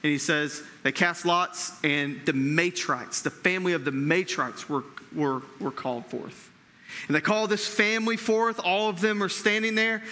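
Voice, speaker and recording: A man's voice: high voice, moderate pace, pushed and bright, in a large hall. A man preaching a sermon in a conversational way, checking in with his listeners and often repeating words as he thinks. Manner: conversational preaching with frequent check-ins to the audience. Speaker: pastor.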